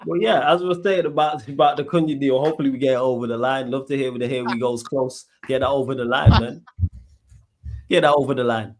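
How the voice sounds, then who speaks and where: A man co-hosting a casual football chat, relaxed and full of slang. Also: medium pitch, quick pace. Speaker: podcast co-host.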